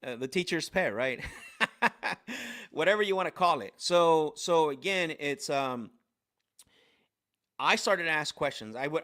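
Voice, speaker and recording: A man's voice: fairly high pitch, a bit bright. A man hosting a live sales coaching stream, telling stories with lots of energy, restarts and fillers.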